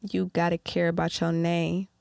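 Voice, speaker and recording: Young Detroit woman guest, gravelly, dry close mic, lively and laughing. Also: fairly low pitch, dry recording. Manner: animated, quick to laugh, acts out people's lines. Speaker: guest musician. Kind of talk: casual interview chat.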